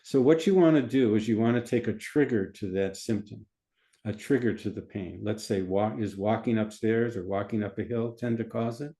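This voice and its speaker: Dr explaining stuff in an interview, calm guy, warm low voice, repeats himself a lot. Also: normal speed. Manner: calm, methodical, repeats phrases. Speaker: physician.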